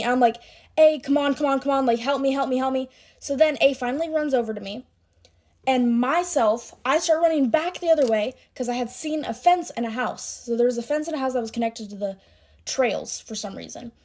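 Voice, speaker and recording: A young woman telling a personal story in a chatty, animated way, as a get-ready-with-me storytime vlog. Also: fairly high pitch. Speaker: content creator.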